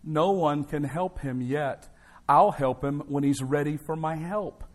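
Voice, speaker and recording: Calm, patient lifeguard, firm and unhurried, voiced by a male preacher. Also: on the high side, natural voice.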